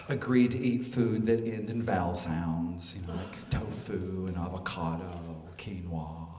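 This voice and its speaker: A man's voice: low-pitched, slow pace, crowd noise. Man telling a comic story in a hall. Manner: animated, comic, self-mocking. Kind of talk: live personal storytelling. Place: live performance venue. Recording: echoey hall.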